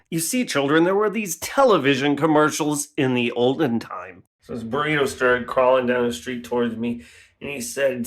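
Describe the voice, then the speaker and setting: Deadpan absurdist male comedian. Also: medium pitch, brisk. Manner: deadpan with sudden outbursts into silly voices.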